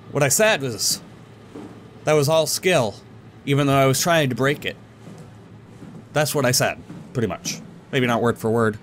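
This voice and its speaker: A man's voice: mid-range voice, expressive, measured pace, long pauses, a little hiss or hum. A young man giving casual, goofy commentary while playing a game, talking to objects and to himself. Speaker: let's play gamer.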